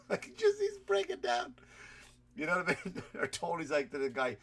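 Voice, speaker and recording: A man's voice: on the high side, wildly swooping pitch, moderate pace, long pauses, fairly bright tone, breathy edge. A man hosting a comedy podcast, ranting in a rambling, profane way and laughing at his own stories while he has a cold. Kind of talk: comedic rant.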